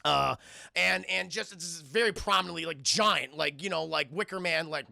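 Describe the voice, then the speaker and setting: A man's voice: fairly high pitch, normal speed, vocal fry, sharp tone, no room sound. A man streamer retelling a film to his chat, casual, profane and rambling, on a close microphone.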